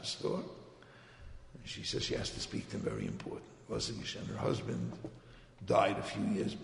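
A man with a heavily gravelly, fry-laden voice tells a religious story, his pitch swinging up and down as he acts out the people in it. He sounds conversational and lively. The recording is roomy, with long hall reverb and faint background noise. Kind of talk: telling a religious tale to a gathering.

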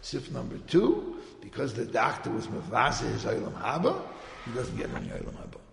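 A man with a heavily gravelly, fry-laden voice tells a religious story, his pitch swinging up and down as he acts out the people in it. He sounds conversational and lively. The recording is roomy, with long hall reverb and faint background noise. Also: fairly quick. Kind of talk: telling a religious tale to a gathering.

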